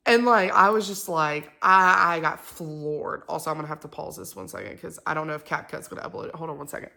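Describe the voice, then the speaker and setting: A woman's voice: low voice, steady tone, a little fast, creaky, hardly any pauses, pushed and bright. A mother, telling a story to the camera in a rambling, heated way full of fillers. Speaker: mother and vlogger.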